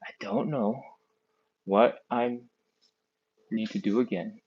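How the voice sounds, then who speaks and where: Here a man with a fairly low, darkish, slightly rough voice leads a live stretching class, captured muffled through his earbud mic. Encouraging and talkative, he sounds a touch out of breath as he slowly counts down.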